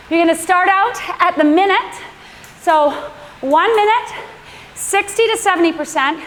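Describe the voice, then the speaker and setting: A woman's voice: very high voice, a bit bright, big-room sound, a little hiss or hum. A woman coaching an indoor cycling class, chatty and instructive, laughing often between cues.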